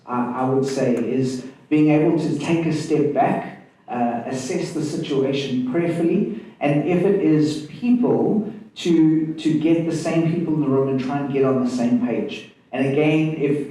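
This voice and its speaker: A man speaking on a panel at a conference, measured and reflective as he gives advice. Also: mid-range voice, dark tone, far from the mic. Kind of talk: panel discussion. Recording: echoey hall, voice from off the mic.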